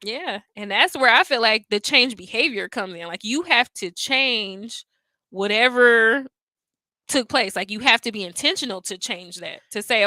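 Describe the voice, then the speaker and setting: A woman co-hosting a casual podcast chat, who teaches kindergarten and talks in an animated way, laughing often. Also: a little high, moderate pace, dry recording. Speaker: co-host.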